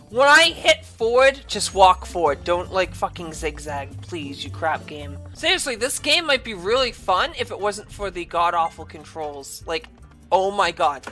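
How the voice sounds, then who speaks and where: A woman's voice: medium pitch, sing-song, measured pace, faint music behind. Furious cursing woman gamer. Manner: furious, cursing, yelling in exasperation. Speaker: gaming video creator. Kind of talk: angry gameplay commentary.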